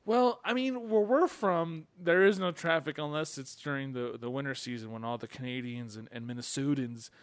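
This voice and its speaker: A man's voice: medium pitch, normal speed, hardly any pauses, no echo. A man from California co-hosting a podcast, joking and rambling in casual chat and laughing often. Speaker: podcast co-host.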